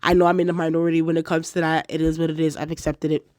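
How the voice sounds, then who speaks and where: A woman in a casual episode review, chatty and animated, acting out quotes with lots of fillers. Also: sits low, rapid-fire. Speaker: video reviewer.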